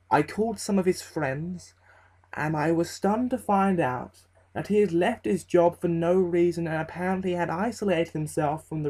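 Male horror narrator, fairly high voice, slow and ominous reading. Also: mellow, low-quality recording. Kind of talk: scripted horror story narration.

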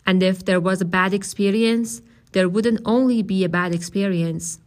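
Woman narrator, audiobook reading, measured, steady, mid-pitched. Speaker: audiobook reader. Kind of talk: reading a novel aloud.

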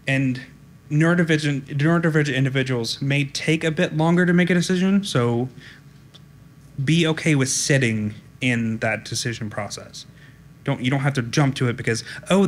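A man giving a conference talk in a flat, direct, informal way, often saying "um". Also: medium pitch, a little fast, a little hiss or hum. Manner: direct, informal, frequent ums. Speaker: conference speaker. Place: conference room.

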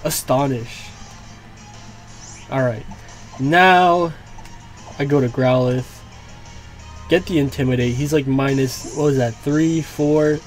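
Faint game music accompanies a young gaming YouTuber giving live, reactive commentary on his play, with swearing, groans and frustrated outbursts at setbacks. His mid-range voice moves at a slow pace with long pauses.

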